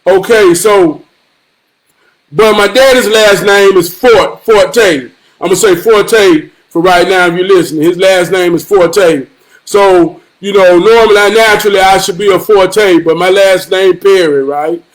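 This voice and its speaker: A man telling a family story in a profane, animated storytelling vlog, swearing freely. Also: sits high, unhurried, poor audio. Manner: animated, swearing freely, repeating himself for emphasis. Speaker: vlogger.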